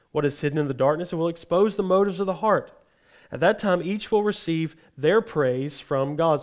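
A man preaching a sermon, reading Bible passages aloud and explaining them to his congregation. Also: a little mellow. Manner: reads scripture aloud, then explains it plainly; acts out the tone of the quoted verses, rising in pitch. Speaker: pastor.

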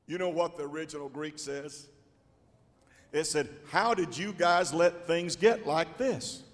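High-pitched preacher shouting in a church. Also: male voice. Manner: rising to shouted, drawn-out exclamations. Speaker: pastor. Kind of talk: preaching a sermon. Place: large church hall. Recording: long hall reverb.

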